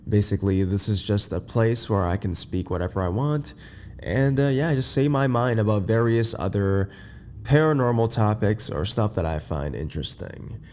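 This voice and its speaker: Groggy just-woken man, low voice. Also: moderate pace, a little mellow, a little hiss or hum. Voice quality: deep, slightly congested. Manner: rambling, many fillers and restarts. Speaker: podcast host. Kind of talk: casual unscripted podcast monologue. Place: in bed at home.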